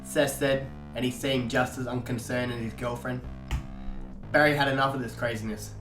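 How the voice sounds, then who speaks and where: A man narrating an audiobook-style story in a steady storytelling manner. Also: mid-range voice, normal speed. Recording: echoey room, faint guitar music.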